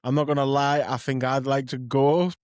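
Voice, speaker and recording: A man's voice: medium pitch, level tone, normal speed, darkish tone, clear, resonant tone, no echo, studio quality. A man hosting a podcast, chatting casually and reacting with brief, agreeing replies. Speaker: podcast host. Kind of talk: casual chat.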